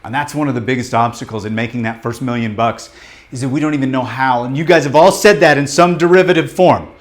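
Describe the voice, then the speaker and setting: Leading a group training, a business coach with a mid-range voice drives his points home bluntly and forcefully at a live motivational workshop. His speech is peppered with casual profanity and quick-fire questions to the audience.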